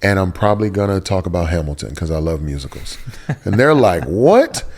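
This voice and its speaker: Man, deep voice, earnest interview guest sharing a raw personal story, casual and emotional. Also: brisk. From Texas, USA. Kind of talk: candid personal testimony in a sit-down interview.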